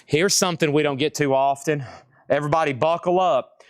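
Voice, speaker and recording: Live-sale host, male, upbeat auctioneer patter, bit high, dry close sound. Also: fairly quick, clean tone, no room sound. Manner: excitable, jokey, exclamatory. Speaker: live-stream record seller.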